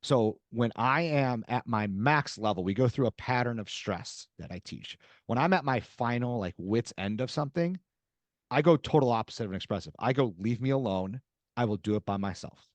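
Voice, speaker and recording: A middle-aged man on a podcast, telling stories lively and acting out both sides of a conversation. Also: mid-range voice, normal speed, no echo. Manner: animated storyteller acting out dialogue. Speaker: podcast guest, author. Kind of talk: casual interview conversation.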